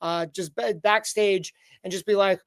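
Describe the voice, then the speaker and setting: A man's voice: high voice, fairly even intonation, unhurried, a bit bright, smooth, no echo. A man co-hosting a wrestling recap podcast, chatting casually and rambling with frequent restarts. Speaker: podcast co-host.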